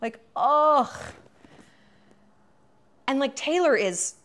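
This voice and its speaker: A woman's voice: fairly high pitch, very animated, normal speed, a bit bright. A woman host in her thirties giving a chatty, profane commentary monologue full of fillers.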